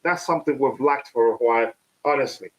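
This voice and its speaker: A man hosting a live football stream, talking casually with many fillers and restarts, his voice a little hoarse. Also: mid-range voice, brisk, a bit bright, low-quality recording. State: slightly hoarse.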